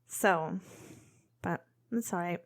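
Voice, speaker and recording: A young woman co-hosting a podcast, chatting casually and then telling a true crime story, expressive with quick asides. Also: fairly low pitch, gravelly. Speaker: podcast co-host.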